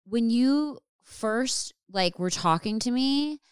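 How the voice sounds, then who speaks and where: A woman's voice: on the high side, animated, slow pace, clear, resonant tone, no room sound, clean studio sound. A woman podcast host, chatting in an awed, chatty way full of fillers. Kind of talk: casual chat.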